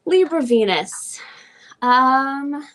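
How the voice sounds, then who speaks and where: A woman's voice: sits high, animated, very slow, fairly bright tone. Chatty woman host from Oklahoma. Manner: chatty, laughs often, acts out quoted voices. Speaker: astrology class host. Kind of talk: casual livestream teaching.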